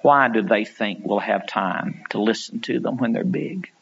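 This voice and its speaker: A man preaching a sermon, telling stories and acting out quotes, climbing to loud pleading peaks. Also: on the low side, measured pace, creaky, lo-fi sound, a little hiss or hum.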